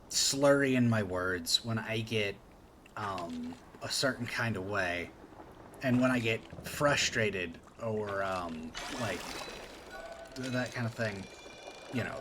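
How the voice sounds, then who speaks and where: A man's voice: on the low side, a bit bright. Male streamer, faint country twang, meandering chatty delivery, noisy background. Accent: faint rural Appalachian. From Appalachia, USA. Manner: rambling storytelling with many fillers. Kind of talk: casual chat while gaming.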